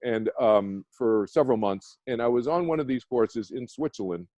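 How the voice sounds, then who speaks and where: A man's voice: medium pitch, animated, normal speed, mellow, dry recording, dull audio. A man, a meditation teacher, telling a personal story as a radio guest, earnest and rambling with many restarts. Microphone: phone or video call.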